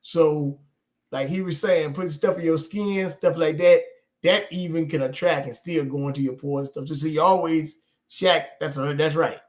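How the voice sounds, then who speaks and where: A man hosting a livestream chat, telling stories in an animated way, swearing and laughing. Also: fairly high pitch, normal speed. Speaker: show host. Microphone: streaming call.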